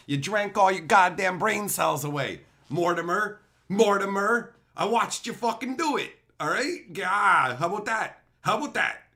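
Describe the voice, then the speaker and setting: Guy streamer cussing out his chat, bright and all over the place. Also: on the high side. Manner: profane, mock-insulting, laughing. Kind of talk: live-stream rant to chat.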